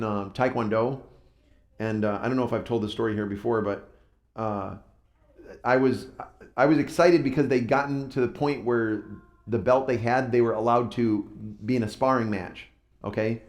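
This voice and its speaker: A man's voice: mid-range voice, steady tone, moderate pace. A man preaching a sermon in a conversational, self-deprecating storytelling way, recorded in a church hall. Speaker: pastor. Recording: roomy echo.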